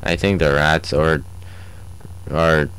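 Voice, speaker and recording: Slow, low-voiced young man playing a game. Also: level tone, a bit bright, a little hiss or hum. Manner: joking, taunts the game's enemies. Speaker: gameplay commentator. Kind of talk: let's play commentary.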